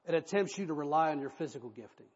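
A male pastor preaches in an animated, conversational way, with a high, husky voice that rises and falls widely. He is heard through a dull, lo-fi recording with a long hall echo. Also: fast talker. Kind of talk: expository sermon. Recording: echoey hall, dull lo-fi sound.

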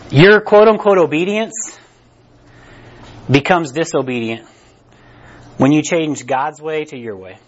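A man's voice: medium pitch, dull audio. A man preaching a casual, conversational sermon and checking in with "right?" again and again. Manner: conversational, repeats "right?" often. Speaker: pastor.

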